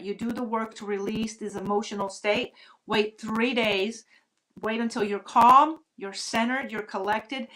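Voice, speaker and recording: A woman's voice: on the high side, fairly bright tone, rough recording. A woman teaching about witchcraft in an earnest, conversational way, with frequent "you know" asides. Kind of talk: casual spoken teaching.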